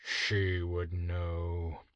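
A man's voice: sits low, fairly even intonation, measured pace, bright, forceful tone, no room sound. A man voicing a bitter, curt leader of riders who snarls his words in a read-aloud story.

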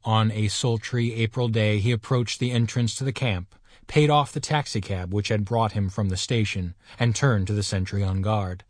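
A man reading a story aloud in measured, expressive audiobook narration. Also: on the low side, no echo, clean studio sound. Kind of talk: scripted narration.

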